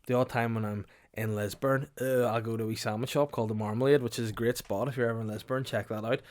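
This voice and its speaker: A middle-aged man with a Northern Irish accent chats on a podcast at a brisk, rapid clip. His voice sits at an ordinary middle pitch. He trades quick, joking banter with his co-host. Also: fairly even intonation, a little mellow. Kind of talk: casual chat.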